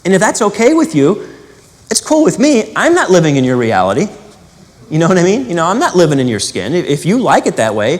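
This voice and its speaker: Animated man giving a spiritual teaching. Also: high voice, brisk, long reverb tail. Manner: animated, conversational, asks rhetorical questions and acts out quotes.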